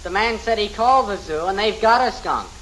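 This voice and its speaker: An actor playing an earnest, boyish teenage son in a 1950s radio sitcom. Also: male voice, sits high, expressive, fairly quick, a bit bright, a little hiss or hum, poor audio.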